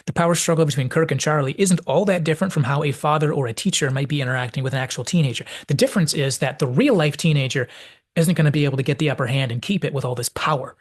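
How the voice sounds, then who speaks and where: A man hosting a video essay, reflectively analyzing a classic TV episode and thinking aloud as he goes. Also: medium pitch.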